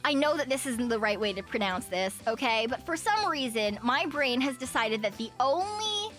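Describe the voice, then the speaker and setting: Over soft background music, a woman streaming as a VTuber talks at a normal speed in a high-pitched, lively, slightly bright voice. She laughs often between sentences, rambling casually with plenty of fillers and corrections.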